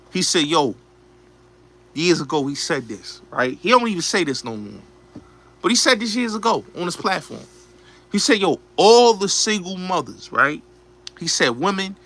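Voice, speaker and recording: A man's voice: a little high, sharp tone. A man hosting a show, delivering a blunt, profane, repetitive ranting commentary. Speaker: show host.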